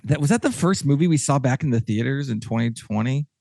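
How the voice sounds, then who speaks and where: A man hosting a casual podcast chat with a Texan accent, rambling and excitable, with many restarts. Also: medium pitch, fast talker, gravelly, dry recording, studio quality. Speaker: podcast host.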